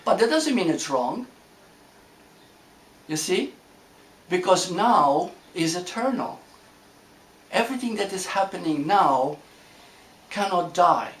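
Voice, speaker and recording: A man giving a reflective spiritual talk to a group, gentle and unhurried, often repeating phrases and checking that listeners follow. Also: high voice, very animated. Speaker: spiritual teacher. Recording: roomy echo with faint ambient noise.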